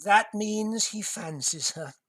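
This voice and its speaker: Woman as a catty actress, slow drawl, lively pitch, wry. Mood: teasing. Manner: wry, teasing. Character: catty female actress in the company.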